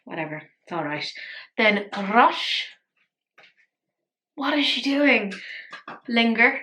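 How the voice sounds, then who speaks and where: A woman's voice: on the high side, big pitch swings, slow, sharp tone. A tired woman chatting playfully through a casual makeup tutorial, poking fun at herself. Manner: chatty, playful, self-mocking. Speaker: beauty vlogger.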